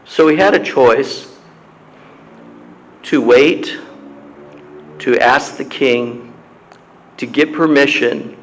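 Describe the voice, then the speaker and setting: A male pastor delivers a sermon in a church, pausing often as he reads and explains scripture. His voice sits at a middle pitch, and his pace is unhurried and deliberate. He clears his throat now and then between phrases. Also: slight background noise, rough recording. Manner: slow, measured delivery with long pauses and frequent throat-clearing. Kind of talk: sermon, reading scripture aloud.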